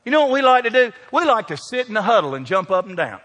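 A man's voice: sits high, sing-song, fast talker, a bit bright. A man preaching a sermon, folksy and joking, calling out members of his congregation by name. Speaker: pastor. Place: large church sanctuary. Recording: long hall reverb from sanctuary.

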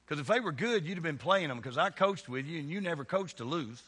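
A man's voice: on the high side, lively intonation, fast talker, a bit bright, slightly rough, long reverb tail. A man with a Kentucky accent, a pastor preaching a folksy sermon in church and teasing his congregation by name. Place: church sanctuary.

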